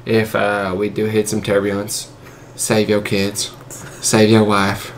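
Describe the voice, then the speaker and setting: A man voicing a goofy airline pilot making rambling, halting cabin announcements full of fillers. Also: lowish voice, monotone, a crowd in the background. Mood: deadpan goofy.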